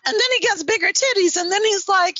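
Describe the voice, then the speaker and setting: A woman's voice: extremely high pitch, fairly quick, sharp tone, dry recording, rough recording. A woman being interviewed about her work as a dominatrix. She talks bluntly and emphatically and swears freely. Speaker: dominatrix guest. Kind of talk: candid interview talk.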